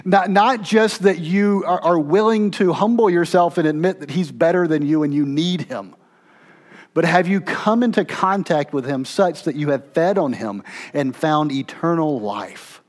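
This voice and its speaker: A male pastor preaching in a conversational, animated way. He pushes his voice up for emphatic lines, then drops low and soft for asides. He keeps checking in with his listeners and restarting phrases as he thinks aloud. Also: a little slow. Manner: conversational, with frequent "okay?" check-ins and restarts. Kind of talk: sermon.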